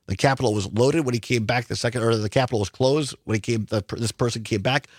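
A man's voice: medium pitch, fast talker, no echo. A man hosting a talk radio show from a studio mic, reading news quotes and then pressing his own views with emphatic questions.

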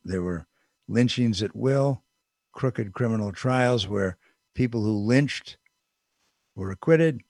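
A man's voice: lowish voice, a little mellow, no echo, clean studio sound. An older man giving a casual, digressive political commentary monologue with emphatic asides.

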